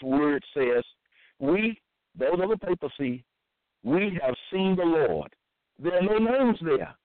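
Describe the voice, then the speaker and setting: A man reads verses aloud and comments on them in a slow, halting way, full of restarts and repeated phrases. His voice sits somewhat high. The sound is thin and phone-like, with no room echo. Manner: halting and repetitive, with many fillers and restarts. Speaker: self-styled preacher. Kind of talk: scripture-reading monologue. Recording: dry, tinny phone-like sound.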